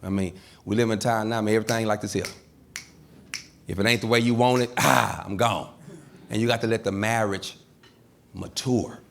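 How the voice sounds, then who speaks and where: A man's voice: lowish voice, normal speed, vocal fry, pauses often, a little hiss or hum. A middle-aged man doing a stand-up comedy routine on stage, animatedly telling stories and acting out the people in them. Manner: animated storytelling, acts out quoted people. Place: comedy stage before a live audience.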